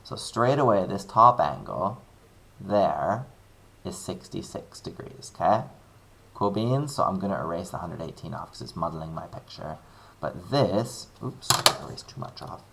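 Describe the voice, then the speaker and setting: A man's voice: low voice, lively intonation, moderate pace, vocal fry, a bit bright. A male maths teacher talking through a worked example, chatty and upbeat, thinking aloud with playful asides. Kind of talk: screen-recorded maths lesson.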